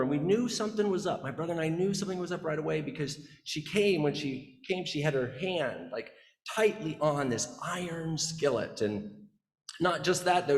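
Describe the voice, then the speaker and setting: A man from the Midwest telling a story in a sermon, in a conversational way that often restarts his sentences. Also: fairly high pitch. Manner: conversational, chatty, with frequent restarts. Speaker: guest preacher. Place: church sanctuary. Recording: echoey church hall.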